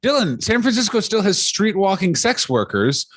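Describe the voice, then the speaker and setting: A man's voice: high-pitched, big pitch swings, normal speed, fairly bright tone, dry recording, clean studio sound. Chatty, profane man on a podcast. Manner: rambling, profane, mimics people in jokey voices. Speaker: podcast co-host. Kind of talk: casual comedic chat.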